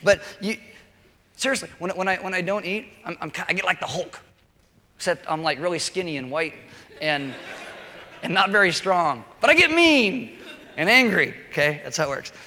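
A man preaching a relaxed, conversational sermon, full of joking asides and quick check-ins with the listeners. His voice is fairly high for a man and has a forceful, bright edge. It rings out with the long reverb of a large hall. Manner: chatty, joking asides, keeps checking in with okay. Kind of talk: casual sermon.

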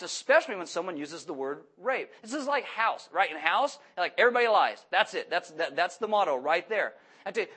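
A man preaching a sermon to a congregation, lively and questioning, acting out voices as he goes. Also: sits high. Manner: animated, acts out voices and asks the audience questions. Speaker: pastor.

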